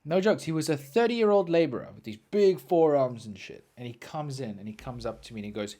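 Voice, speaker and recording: A young man hosting a podcast, telling stories in an animated, swearing, ranting way. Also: medium pitch, brisk, hardly any pauses. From South Africa. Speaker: podcast host. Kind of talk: storytelling monologue.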